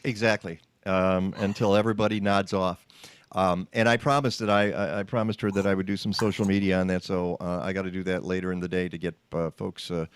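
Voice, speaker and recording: A man's voice: low-pitched, flat delivery, a little fast, clear, resonant tone, no room sound. A man hosting a radio talk show, chatting casually with many fillers and restarts. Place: radio studio.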